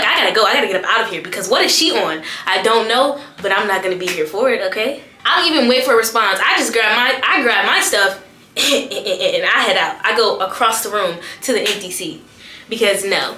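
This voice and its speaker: A young woman telling a personal story in an animated storytime vlog, slangy and expressive, laughing often and repeating lines for emphasis. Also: fairly high pitch, slight background noise. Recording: echoey room with faint background music.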